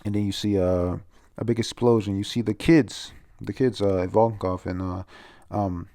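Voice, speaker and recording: A man talks through a comic chapter in a loose, rambling way, stumbling over names and breaking into laughs. His voice sits low with a gravelly fry, and he swears casually as he reacts. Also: steady tone, normal speed, mellow. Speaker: manga chapter reviewer. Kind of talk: casual chapter review read-aloud.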